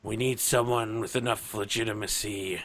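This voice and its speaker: A man's voice: on the low side, fairly even intonation, moderate pace, fairly bright tone. A man playing an old dwarf crime boss. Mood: commanding, menacing. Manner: gruff, menacing orders.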